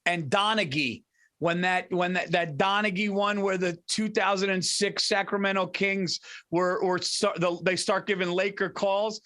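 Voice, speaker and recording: A man's voice: sits high, steady tone, normal speed, sharp tone. A man co-hosting a podcast in loose, casual chat, dropping "dude" into nearly every sentence. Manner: loose and chatty, constantly saying "dude". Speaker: podcast co-host.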